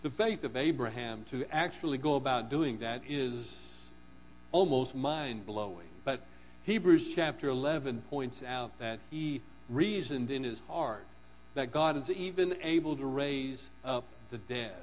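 A man preaching a sermon in an earnest manner, rising to fervent emphasis and dropping low on key phrases. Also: measured pace. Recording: dull lo-fi recording with mains hum.

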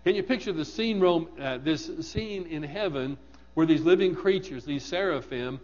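A man's voice: fairly high pitch, moderate pace, a little mellow, big-room sound, dull audio. A man preaching a sermon, asking his congregation questions and repeating words for emphasis.

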